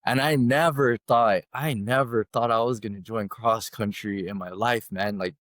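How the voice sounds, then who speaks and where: A man guest on a podcast telling a personal story in a casual, animated way, often adding "right?". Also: on the low side, normal speed, dry recording, clean studio sound.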